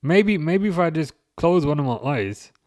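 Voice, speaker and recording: A man's voice: a little high, lively intonation, normal speed, darkish tone, no echo. Wry chuckling man, dry sound. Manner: wry, chuckling, reads out chat comments. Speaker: livestream host. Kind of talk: casual football watch-along chat.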